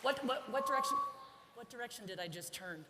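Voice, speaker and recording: A woman horse trainer giving a live riding demonstration, chatting, joking and softly coaxing her young horse. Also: on the high side, expressive, brisk, over a noisy crowd. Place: large indoor arena. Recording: echoey arena with faint background noise.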